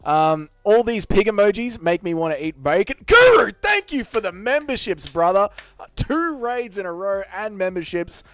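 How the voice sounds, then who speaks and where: Australian male stream host, slightly high voice, swears freely, jokes with chat, dry close sound. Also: big pitch swings, normal speed, a bit bright, no echo. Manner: profane, joking banter with chat. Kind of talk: casual live-stream chat.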